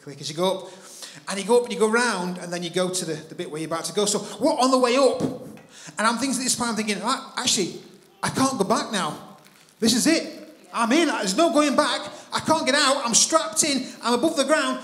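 A man preaching in church, telling a personal story with animated delivery and acting out his own thoughts. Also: very high-pitched, reverberant. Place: church hall.

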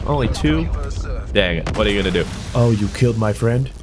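A young man giving playful, jokey commentary over his own gameplay, trash-talking and yelling with sudden bursts of excitement. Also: mid-range voice, measured pace, noisy background. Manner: playful, jokey trash talk, animated outbursts. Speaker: gaming YouTuber. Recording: game audio with gunfire and music behind.

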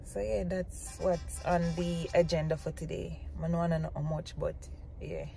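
A woman's voice: lowish voice, fairly even intonation, moderate pace, vocal fry, dark tone, faint music behind. A woman chatting casually to camera as a family vlogger in a van, cooing now and then at her small child. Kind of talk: casual vlog chat to camera.

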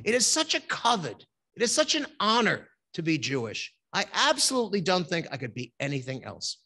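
A man's voice: high voice, huge pitch swings, fairly quick, bright, forceful tone. Joking man giving a holiday sermon. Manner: folksy, joking, asks the congregation questions. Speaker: rabbi. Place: synagogue sanctuary.

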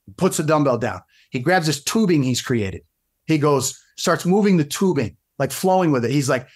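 A middle-aged man with a slightly high voice, telling stories on a podcast as a guest fitness coach. He talks animatedly, jumping back and restarting his sentences as the story runs on. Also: lively intonation, fast. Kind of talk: casual storytelling interview.

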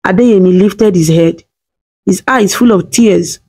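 A woman reading a scripted story in a steady, dramatic way. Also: medium pitch, unhurried.

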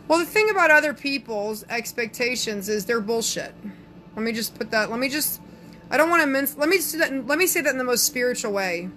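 A woman's voice: fairly high pitch, animated, brisk, sharp tone, slight background noise. A sassy woman with a Southern accent, a psychic chatting casually on a live stream and reading viewers' comments aloud. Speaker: psychic answering live chat.

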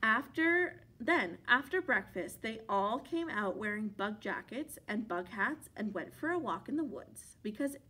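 A woman from a library reading a children's picture book aloud, expressive and playful, with funny sound effects. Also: on the high side, unhurried, hardly any pauses, husky. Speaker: library storyteller.

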